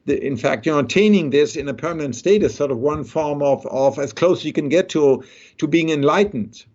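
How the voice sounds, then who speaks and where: A man's voice: on the high side, a little fast, a little mellow. A man, a neuroscientist guest thinking aloud in a conversational interview. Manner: thoughtful, explains with many rhetorical "right?". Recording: dull lo-fi sound.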